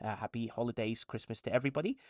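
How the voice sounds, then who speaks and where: A man's voice: mid-range voice, rapid-fire, darkish tone, no room sound, clean studio sound. A man hosting a casual live stream, reading viewer chat comments aloud and answering them with frequent restarts.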